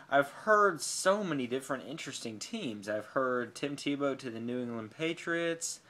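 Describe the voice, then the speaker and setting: A woman's voice: extremely low pitch, fairly bright tone. A woman sports vlogger giving a heated, profane rant, swearing freely and sounding exasperated.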